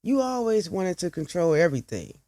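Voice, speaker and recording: Brief: woman reading as a sharp, resentful young woman on the defensive, lines close to the reader's own voice, dry and close. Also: fairly low pitch, very animated, normal speed, no room sound. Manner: performative, snapping, resentful.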